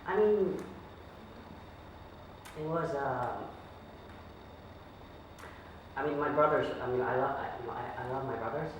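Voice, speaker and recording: A man doing a shy, halting pop star. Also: mid-range voice, highs cut off, lightly acted. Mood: hesitant. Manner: hesitant, many fillers and restarts. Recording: echoey room, distant mic, noisy.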